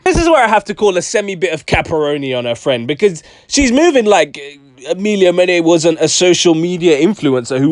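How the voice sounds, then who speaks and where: A man talking straight to camera in a loose, sarcastic commentary vlog, heavy on slang. His voice sits a little high and swings widely up and down. It is recorded close and dry, with no room sound. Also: no room sound. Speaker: YouTube commentator.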